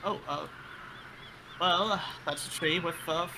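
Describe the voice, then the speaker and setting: A man's voice: on the high side, measured pace, vocal fry, pushed and bright, a little hiss or hum. A man playing in a tabletop game, in a playful, coaxing manner with laughter. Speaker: player. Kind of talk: in-character roleplay and table talk.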